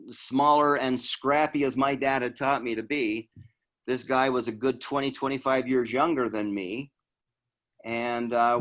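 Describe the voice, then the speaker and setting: A man's voice: mid-range voice, a bit bright. A middle-aged man from Utah, a law enforcement trainer telling a story in a conversational training talk and acting out the dialogue.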